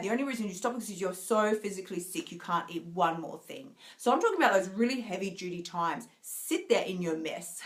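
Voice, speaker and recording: A woman's voice: fairly high pitch, fairly bright tone. A woman coach talking live to her viewers, earnest and encouraging, often asking "right?" and laughing lightly. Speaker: binge eating coach. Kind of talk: live video talk to viewers.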